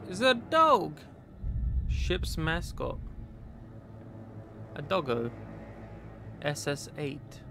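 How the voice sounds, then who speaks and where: A man's voice: a little high, sing-song, extremely slow, creaky, long pauses, background noise. A man casually commenting on a horror game he is playing, joking and reading text aloud. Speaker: gaming streamer. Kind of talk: casual let's-play commentary.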